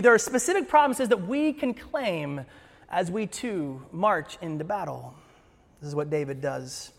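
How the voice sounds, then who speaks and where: A man preaching a sermon in church, animated and acting out scripture scenes with voices. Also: sits high, measured pace, vocal fry, big-room sound. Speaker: pastor.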